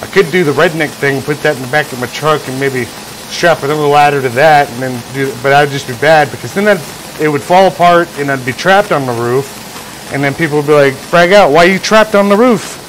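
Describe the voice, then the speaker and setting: A man's voice: fairly high pitch, a little fast, a bit bright, a little hiss or hum, rough recording. A man hosting a casual livestream from his workshop, who rambles, jokes, and acts out imagined scenes. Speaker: livestream host, engraver.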